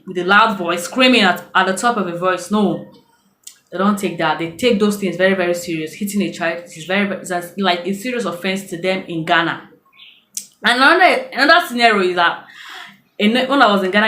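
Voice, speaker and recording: A Nigerian woman with a Nigerian accent gives casual advice in a video blog, telling it as a chatty story and acting out quoted voices. Her voice is medium-pitched and fairly bright, and the room is echoey.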